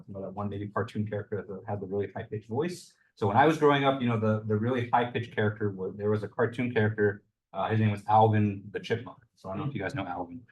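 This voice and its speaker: A young adult man giving a university lecture as the instructor, explaining loosely with lots of hedges and fillers. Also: fairly low pitch. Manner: loose and hedging, full of "you know" and "kind of".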